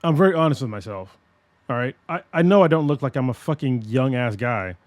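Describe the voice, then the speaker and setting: A man's voice: mid-range voice, fairly quick, no room sound. A man in his forties hosting a podcast in casual chat, rambling, swearing a lot and restarting his sentences. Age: 40s. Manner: rambling, profane and animated, with many restarts. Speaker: podcast host.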